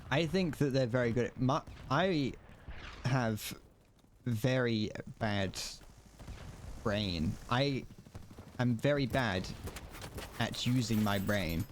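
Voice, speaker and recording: A man's voice: medium pitch, slow, long pauses, a little hiss or hum. A British man streaming a shooter game, chatting in a rambling, joking, self-mocking way. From Britain. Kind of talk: casual gameplay commentary.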